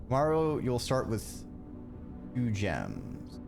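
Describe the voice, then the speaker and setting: A male streamer gives slow, unhurried commentary while he plays. His pitch moves around a lot, and he flares up in sudden exasperated outbursts. Game music plays clearly underneath him. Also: huge pitch swings. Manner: chatty, reacts aloud with sudden exasperated outbursts. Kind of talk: live gameplay commentary.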